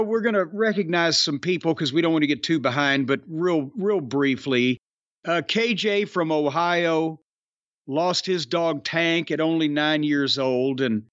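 A man's voice: fairly high pitch, a little slow, a bit bright, dry recording, lo-fi sound. A man co-hosting a podcast, reading out listener tributes in a wry, offhand way and stumbling over names. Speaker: podcast co-host.

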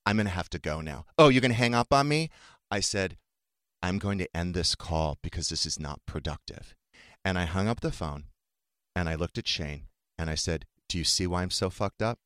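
A man's voice: sits low, normal speed, fairly bright tone, no echo, studio quality. A man hosting a talk podcast, candidly and emotionally retelling a painful family fight in casual chat. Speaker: podcast host.

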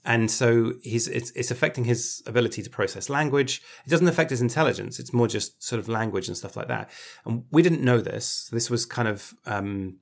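A man's voice: mid-range voice, normal speed, creaky. A man co-hosting a podcast in casual chat, talking with many ums and restarts. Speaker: podcast co-host.

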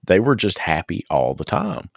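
A man's voice: low voice, huge pitch swings, moderate pace, creaky, breathy edge, no echo, clean studio sound. A man hosting a podcast, telling rambling stories in casual conversation and laughing often.

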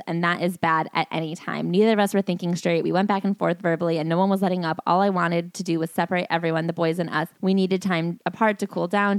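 A woman's voice: on the low side, no room sound. A woman co-hosting a podcast, reading passages aloud and mocking them in casual chat. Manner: mocking, incredulous. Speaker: podcast co-host.

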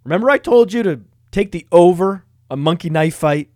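A man hosting a fantasy football podcast, reading ads in a boastful, self-mocking, energetic way. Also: high-pitched, normal speed, dry recording, clean studio sound. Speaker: podcast host.

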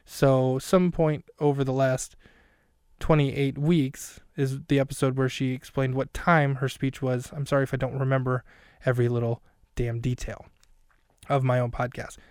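A man's voice: medium pitch, fairly even intonation, normal speed, darkish tone, smooth, no echo, clean studio sound. A man hosting a podcast who recaps a film scene by scene in a rambling, self-mocking way with plenty of fillers. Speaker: podcast host.

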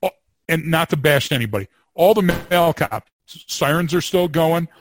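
A man's voice: fairly high pitch, normal speed, a little hiss or hum. Man telling a wry cop story. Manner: animated storyteller, wry humor, repeats words when starting. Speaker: podcast co-host, former police field training officer. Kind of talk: casual storytelling chat.

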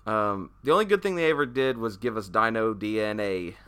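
A man's voice: fairly low pitch, fairly quick, a bit bright, clear, resonant tone. A man co-hosting a comedy podcast, riffing playfully in casual banter. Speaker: podcast co-host.

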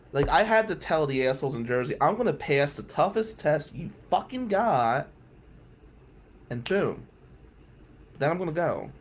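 A man's voice: medium pitch, creaky, a little hiss or hum. A middle-aged man hosting a podcast, candidly telling a personal story with blunt, emphatic phrasing. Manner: candid, emphatic, with some swearing. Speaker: podcast host.

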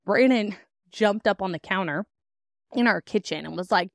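This young host has a mid-range, creaky voice and speaks at a normal speed. She tells listeners about her life candidly and chattily, with frequent "like" fillers and laughter. The audio is dry and studio-quality.

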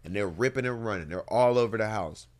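A man's voice: lowish voice, fast, darkish tone. A man in his thirties, a guest in an interview, telling stories in a laid-back, drawling way and swearing freely. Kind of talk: casual storytelling.

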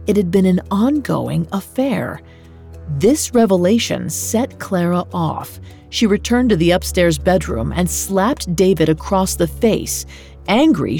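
Female narrator, low mellow voice, scripted true-crime read, faint music underneath. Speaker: podcast narrator.

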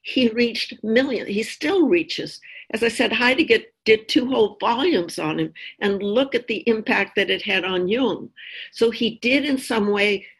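Husky woman leading a reflective talk. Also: fairly high pitch, animated, low-quality recording. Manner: thoughtful storytelling, measured. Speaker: discussion leader. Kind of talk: reflective group discussion.

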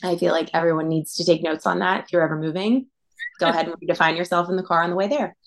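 A woman's voice: fairly low pitch, fairly even intonation, quick pace. A woman guest on a podcast, in casual chat, reflecting aloud and asking questions as she thinks things through.

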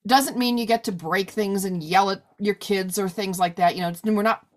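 A woman's voice: medium pitch, normal speed. A woman in her forties hosting a podcast, chatting casually and filling her talk with "like" and "you know". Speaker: podcast host. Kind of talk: casual interview chat.

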